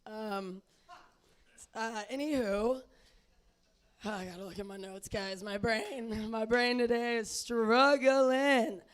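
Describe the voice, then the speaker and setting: A woman's voice: fairly high pitch, fairly even intonation, slow pace, clean tone. A woman doing a stand-up set on a comedy club stage, scattered and self-deprecating, with many ums.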